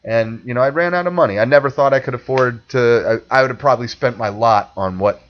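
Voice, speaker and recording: A man on a podcast spins a rambling, animated story in casual chat, slipping into quoted voices and cursing along the way. His voice sits at an ordinary pitch. The audio is muffled and lo-fi. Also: quick pace. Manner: rambling, animated anecdote with acted-out quotes and swearing. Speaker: podcast co-host. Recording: dull lo-fi audio.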